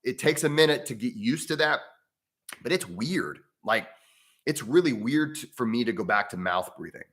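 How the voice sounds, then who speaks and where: An American man talks loosely on a livestream. He circles back and restarts his sentences, and he breaks off to greet viewers by name in the comments. His voice sits at a middling pitch with a bright, forward edge. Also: lively intonation, normal speed. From United States. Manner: rambling, with frequent restarts; reads out viewer comments and chats with them. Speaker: breathwork channel host. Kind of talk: casual livestream talk.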